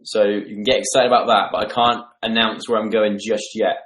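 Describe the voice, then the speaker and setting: Brisk and level-toned, a young man in his twenties runs a casual stream from home, working through viewer comments on a desktop microphone. His voice is on the low side and a bit bright, and the room echoes.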